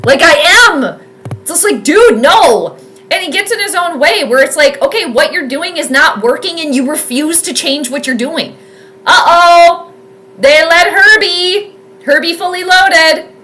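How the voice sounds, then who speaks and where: A woman giving chatty, excitable live commentary on a football game from home, rambling with lots of fillers. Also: high-pitched, normal speed. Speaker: sports streamer doing live game commentary.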